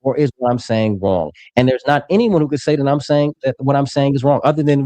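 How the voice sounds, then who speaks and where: A man's voice: mid-range voice, brisk, few pauses, mellow, dry recording. A man in his twenties arguing heatedly in a live-streamed debate, aggressive and profane, talking over the others. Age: 20s. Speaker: political commentator.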